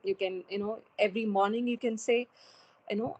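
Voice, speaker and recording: A woman's voice: mid-range voice, fairly even intonation, brisk, darkish tone, poor audio. A woman giving an online webinar talk on goal setting, earnest, with many fillers and restarts, heard over a video call. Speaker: webinar speaker.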